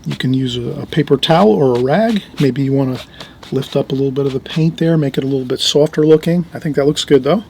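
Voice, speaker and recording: A middle-aged man giving an easygoing oil painting lesson, talking while he works and often trailing off softly. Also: medium pitch, fast, creaky, slight background noise. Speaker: painting instructor. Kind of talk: relaxed painting tutorial.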